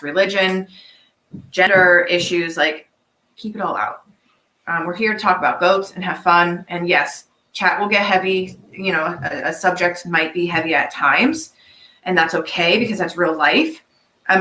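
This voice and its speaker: A woman's voice: fairly low pitch, pushed and bright. Earnest woman in an echoey room. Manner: earnest, plain-spoken, grows emotional. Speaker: farm channel host. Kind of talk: livestream talk to viewers.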